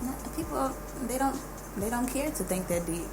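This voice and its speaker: A woman's voice: a little high, animated, moderate pace. A woman from Dallas with a Southern accent, a podcast guest who talks bluntly and emphatically and swears freely. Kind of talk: casual podcast chat. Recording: noisy studio room.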